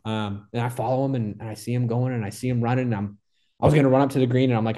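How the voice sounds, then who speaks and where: A man telling the story of his hole in one in a casual interview, talking excitedly and rambling with lots of "like" and restarts. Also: medium pitch, rapid-fire.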